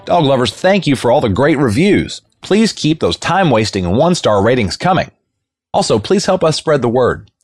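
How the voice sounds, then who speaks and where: A man's voice: mid-range voice, sing-song, normal speed, dry recording, soft background music. A man hosting a podcast who reads an upbeat scripted intro and then asks probing questions in casual chat. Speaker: podcast co-host.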